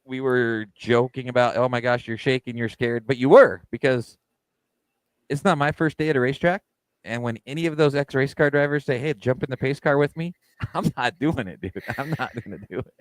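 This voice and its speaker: A man's voice: medium pitch, a little fast, dry recording. A middle-aged man co-hosting a podcast, joking and laughing in casual chat. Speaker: podcast co-host.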